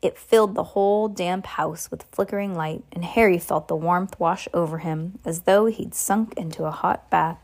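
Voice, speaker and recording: A woman's voice: lowish voice, normal speed, few pauses, darkish tone. A woman reading a novel aloud in an unpolished way, with slips and asides to a listener. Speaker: reader.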